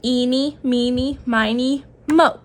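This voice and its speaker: A squeaky, excitable little storybook mouse, put on by a woman reading aloud. She sounds high and breathless, and her lines come out slow and careful. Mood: excited squeaky.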